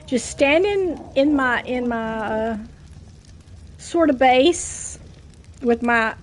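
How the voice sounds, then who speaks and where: A woman with a Southern US accent, chatting casually while streaming a game, getting over a cough, self-deprecating and quick to laugh. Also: sits high, a little hiss or hum. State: coughing from a cold.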